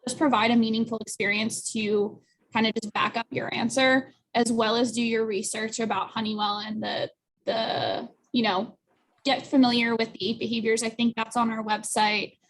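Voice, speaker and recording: A woman's voice: fairly high pitch, little pitch movement. Casual woman recruiter on a video call. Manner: casual, with fillers and quick asides. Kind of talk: panel Q&A answers.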